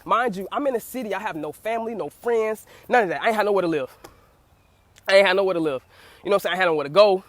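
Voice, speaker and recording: Speaking fast in a mid-range voice with no echo, this young woman shares a personal testimony in fervent preaching style. Again and again she repeats herself and asks her listeners, "you hear what I say?"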